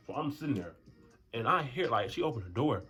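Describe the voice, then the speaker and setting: Animated young man telling a story. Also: a little fast, faint music behind. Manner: animated, swings to high voices for quotes. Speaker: storyteller vlogger. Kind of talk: casual storytime.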